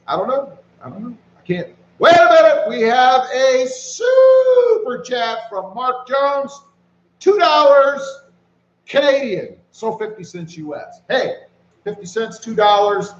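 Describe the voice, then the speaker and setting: High-voiced man chatting on a live stream. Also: echoey room, highs cut off. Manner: relaxed, reads chat aloud and greets viewers by name. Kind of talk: casual live-stream chat reading viewer comments. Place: walking around outdoors.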